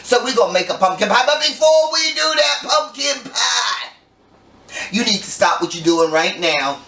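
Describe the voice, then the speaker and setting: A woman's voice: a little high, bright, forceful tone, a little hiss or hum. An older woman hosting a home cooking show, chatty and playful, telling folksy stories as she bakes. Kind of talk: casual cooking demonstration. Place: home kitchen. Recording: roomy kitchen, mic at a distance.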